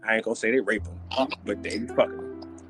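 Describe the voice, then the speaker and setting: A man hosting a podcast, ranting in casual chat in an animated, joking way with loose slang. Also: fairly low pitch, fast, music in the background. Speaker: podcast host.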